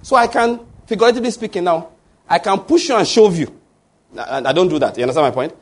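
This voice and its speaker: A man's voice: high voice, lively intonation, quick pace. A man preaching a sermon, often asking the congregation fill-in-the-blank questions. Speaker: pastor.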